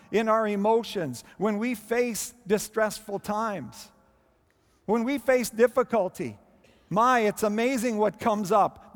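A man preaching a sermon with expressive delivery and dramatic pauses. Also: sits high. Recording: long hall reverb.

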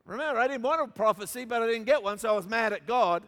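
An Australian pastor with a high-pitched voice preaches to a church crowd, mixing humor with emphatic, repeated build-ups. His words carry a long reverb from a large hall. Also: lively intonation, quick pace, a bit bright. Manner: storytelling with humor, emphatic repetition. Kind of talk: sermon.

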